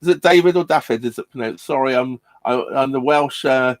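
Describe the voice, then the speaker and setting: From his narrowboat, a man hosts a casual live stream and chats with viewers in a rambling way, full of ums and restarts and laughing often. His medium-pitched voice is flat and a little fast, recorded dry.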